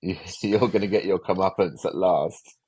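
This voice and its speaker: A man's voice: low-pitched, moderate pace, darkish tone, slightly rough, dry recording. An older man, a special effects veteran rambling through anecdotes as a podcast guest, often restarting sentences. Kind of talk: casual podcast interview.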